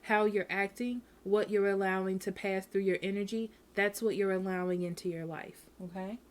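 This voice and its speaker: A woman's voice: mid-range voice, steady tone, normal speed, slight background noise. Blunt, repetitive woman giving a tarot reading. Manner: frank and repetitive, often adding "okay?". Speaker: tarot reader. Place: home.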